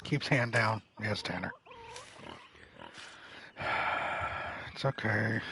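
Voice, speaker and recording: A man's voice: mid-range voice, a little hiss or hum, poor audio. A man casually commenting while streaming a game, chatting with and teasing his viewers. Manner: chatty, teasing the chat, bursts into loud impressions. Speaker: livestreamer playing a game. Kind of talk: casual live gameplay commentary.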